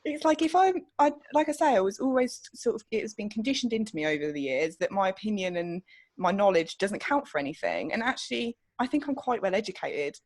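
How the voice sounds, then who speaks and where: A woman's voice: medium pitch, lively intonation, fairly quick, a little mellow. A woman co-hosting a podcast in casual chat, blunt and outspoken, swearing freely. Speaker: podcast co-host.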